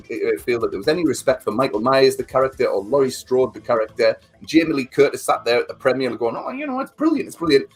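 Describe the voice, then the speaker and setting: A man's voice: mid-range voice, husky. A man in casual chat, ranting and swearing as he reviews a film he hated. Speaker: podcast co-host.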